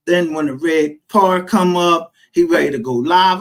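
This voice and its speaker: Over a rough recording, a man with a Texas accent spins animated stories with hardly any pauses, his fairly high voice moving at normal speed. He swears freely, uses street slang, and acts out others' quotes.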